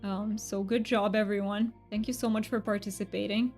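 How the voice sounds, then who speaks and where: A woman's voice: mid-range voice, level tone, moderate pace, a little mellow, faint music behind. A woman livestreaming a cozy game, chatting with her viewers in a bubbly, upbeat way and laughing often. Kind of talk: casual live-stream chat.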